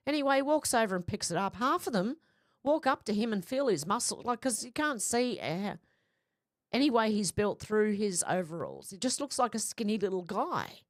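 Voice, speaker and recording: A woman's voice: mid-range voice, animated, moderate pace, no room sound, clean studio sound. A woman hosting a casual live stream, reading out viewer comments and rambling in a chatty way. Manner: chatty, rambling, laughs easily.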